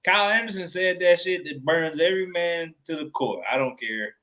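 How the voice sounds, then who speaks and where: A man's voice: a little high, moderate pace, bright, forceful tone. A man co-hosting a casual sports podcast, profane and joking, laughing often. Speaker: podcast co-host.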